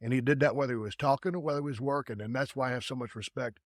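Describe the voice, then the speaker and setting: A man's voice: medium pitch, steady tone, very fast, no room sound, clean studio sound. A man hosting a podcast conversation, talking in a folksy, blunt way with casual cursing. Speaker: podcast host.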